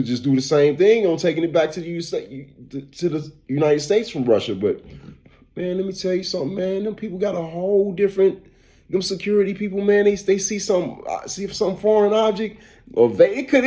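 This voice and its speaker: Mellow-voiced man ranting casually. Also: fairly high pitch, fairly quick. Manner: animated and repetitive, calls out "man" and "bro". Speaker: barber and commentary vlogger. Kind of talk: casual opinion rant.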